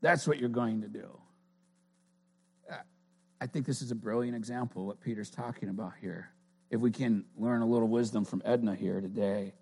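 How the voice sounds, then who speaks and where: A man's voice: lowish voice, steady tone, fairly quick, mellow, slightly rough. Man preaching in a chatty, earnest way. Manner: conversational, earnest, with frequent restarts. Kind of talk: informal sermon.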